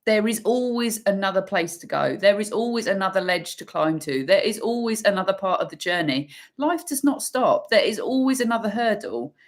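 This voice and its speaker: A woman giving an intuitive tarot energy reading, emphatic and swearing freely, pausing and restarting as she pulls cards. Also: medium pitch, lively intonation. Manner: pauses and restarts while pulling cards. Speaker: tarot reader.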